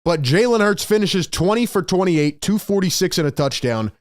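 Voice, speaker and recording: A man hosting a postgame sports show, talking in an excited, emphatic way and repeating his key points, worked up with excitement. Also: sits high, normal speed, dry recording, studio quality. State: overexcited.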